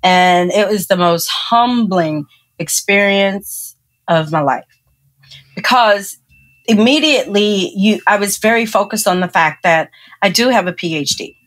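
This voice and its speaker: A woman guest on a podcast, recounting her own story in relaxed conversation, laughing often and acting out the people she quotes. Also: mid-range voice, unhurried.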